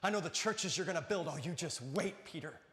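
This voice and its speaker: A man's voice: on the high side, fairly quick, a bit bright, close to an everyday voice. A man acting out the words of Jesus to his disciple in a sermon, earnest and tender. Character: Jesus, a gentle, encouraging grown man. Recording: echoey church hall.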